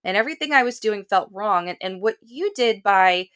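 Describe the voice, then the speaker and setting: A woman's voice: mid-range voice, lively intonation, normal speed, fairly bright tone, clear, resonant tone. A woman hosting a podcast interview, eagerly agreeing with her guest and sharing her own experience. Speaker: podcast host.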